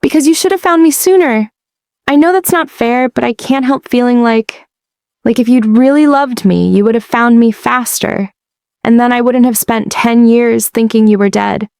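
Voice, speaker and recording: A woman's voice: on the high side, moderate pace, darkish tone, clean tone, no echo, clean studio sound, voice pushed up, natural voice. A woman voicing a hurt, angry ten-year-old girl. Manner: pleading, raw, tearful.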